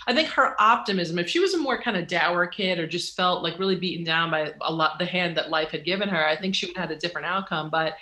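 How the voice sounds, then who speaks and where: An author as an interview guest, telling stories in lively conversation and acting out the voices of the people they quote. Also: medium pitch, fast, hardly any pauses, reverberant. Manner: lively, acts out quoted voices, laughs often. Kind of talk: animated storytelling in conversation.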